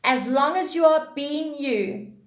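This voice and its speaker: A woman giving a spiritual talk on a live stream, answering her chat and repeating key phrases slowly for emphasis. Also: sits high, roomy sound.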